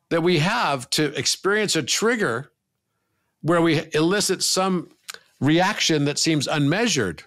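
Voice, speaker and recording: Male podcast guest, slightly high voice, earnest and emphatic, casual with swearing. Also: fairly bright tone. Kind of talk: reflective conversational talk.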